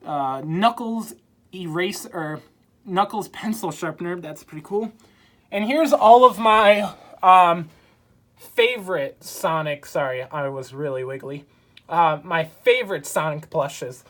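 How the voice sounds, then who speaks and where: A woman's voice: fairly low pitch, measured pace, a bit bright. A woman filming a casual tour of her game room at home on a handheld phone, chatting in an offhand, upbeat way with plenty of fillers. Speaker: video creator giving a room tour. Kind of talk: casual vlog narration. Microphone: handheld phone camera.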